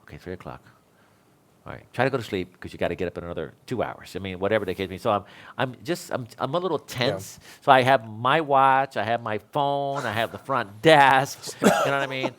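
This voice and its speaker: A man's voice: medium pitch, quick pace, fairly bright tone. Chatty older man telling stories as an instructor. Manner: rambling, self-deprecating storyteller who laughs often. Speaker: electrical code instructor. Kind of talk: casual talk to fellow instructors.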